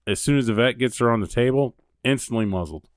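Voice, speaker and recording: A middle-aged man co-hosting a podcast, telling profane, animated stories in casual chat. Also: medium pitch, fast talker, clean tone, no room sound, clean studio sound. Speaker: podcast co-host.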